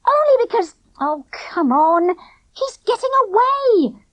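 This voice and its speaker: Woman reading as a bossy hot-tempered little girl, squeaky high and jumpy, storybook voice. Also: huge pitch swings, unhurried, no echo, lo-fi sound, exaggerated voice. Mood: fierce. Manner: shrill, snappish, bossy.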